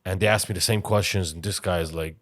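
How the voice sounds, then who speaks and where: A man's voice: deep voice, fairly even intonation, fast, a bit bright, dry recording, studio quality. A young man from Iran with a mixed Iranian-English accent, co-hosting a podcast and telling stories animatedly, swearing freely. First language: Farsi. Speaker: podcast co-host. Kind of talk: casual storytelling chat.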